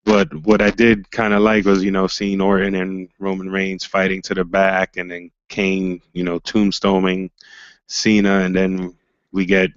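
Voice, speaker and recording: Man co-host, low flat voice, laid-back, dry dull recording. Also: a little slow, clean tone, dry recording. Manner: laid-back, many "you know" fillers. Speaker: podcast co-host. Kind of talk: casual wrestling review chat.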